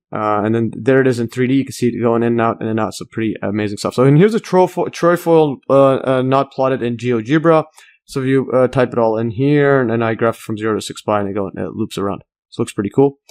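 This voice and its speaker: Guy doing a math tutorial, mid-pitched voice, lots of uhs and restarts, gets excited about the graphs. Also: fast. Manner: rambling, many fillers and restarts, enthusiastic asides. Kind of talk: casual screen-recorded math lesson.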